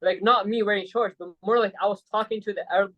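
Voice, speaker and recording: A man's voice: sits high, steady tone, fast talker, dull audio. A man from Saudi Arabia, a podcast guest telling a story in a casual chat, rambling with lots of fillers and tag questions. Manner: rambling, peppered with "like" and "right?".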